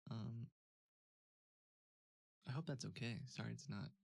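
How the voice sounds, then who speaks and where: A man's voice: medium pitch, a little slow, vocal fry, dry recording. A man hosting a stream, chatting casually, laughing often, with many fillers. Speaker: streamer host. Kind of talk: casual chat.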